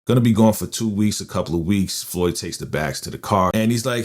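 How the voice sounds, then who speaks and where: A man's voice: fairly low pitch, brisk, hardly any pauses, a little mellow. A man hosting a casual recap of a TV episode, retelling scenes and acting out the characters' lines in slang. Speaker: recap channel host. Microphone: studio podcast microphone.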